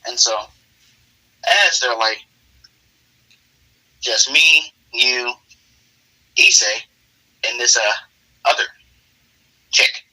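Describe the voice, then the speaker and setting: A man narrates an improvised story in casual chat, wandering through details with frequent fillers. His voice is very bright and crisp. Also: mid-range voice, drawn-out words, pauses often, rough recording. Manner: relaxed, rambling narration with many fillers.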